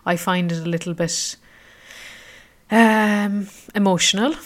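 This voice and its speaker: A woman's voice: medium pitch, steady tone, slow. A woman of about thirty, chatting casually about her travels, rambling with many fillers. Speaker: travel vlogger.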